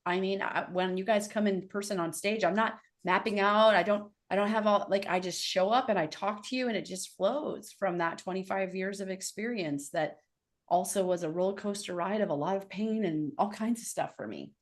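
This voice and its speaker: A woman speaking coach hosting an online session, gushing and animated as she tells a story over a call mic. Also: medium pitch, normal speed. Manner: gushing, animated storyteller who acts out voices. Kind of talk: enthusiastic casual chat.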